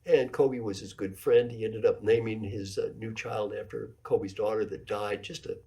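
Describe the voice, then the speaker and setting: A man's voice: fairly low pitch, fairly even intonation, moderate pace, mellow. A man in his seventies, an executive coach giving a keynote lecture, telling stories and repeating his key points for emphasis. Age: 70s.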